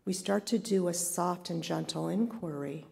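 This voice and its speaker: Middle-aged woman, spiritual leader, relaxed sermon, warm dark tone with gravel. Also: fairly low pitch, normal speed. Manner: conversational, reflective, asks the congregation questions.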